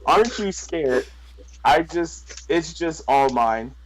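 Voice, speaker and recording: A man co-hosting a podcast, reading a parody song aloud in a halting, giggly, self-conscious way. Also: fairly high pitch, lively intonation, a little hiss or hum, poor audio. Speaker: podcast co-host.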